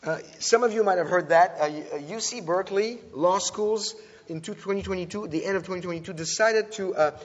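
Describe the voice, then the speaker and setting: His high-pitched voice moves a little fast as he delivers an informal sermon-like talk at a church teaching. Restarts and self-corrections are common amid his animated retelling, all captured in dull lo-fi audio in a reverberant hall.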